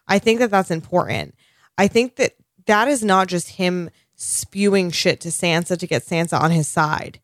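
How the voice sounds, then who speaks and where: An animated woman co-hosting a casual TV recap chat, swearing freely and gushing. Her voice sits a little low for a woman. The sound is dry and close. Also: no room sound. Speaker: podcast co-host.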